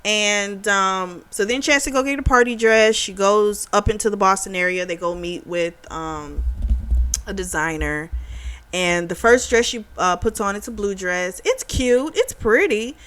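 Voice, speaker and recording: A woman giving a casual spoken book review, retelling the plot in a chatty, animated way. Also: medium pitch, unhurried, clean tone.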